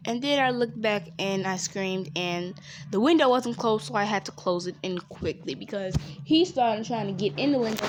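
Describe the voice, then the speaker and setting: A woman's voice: a little high, background noise. A woman telling a rambling, chatty story time, with asides about the game she plays. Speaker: gaming storyteller. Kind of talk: casual story time while playing a game.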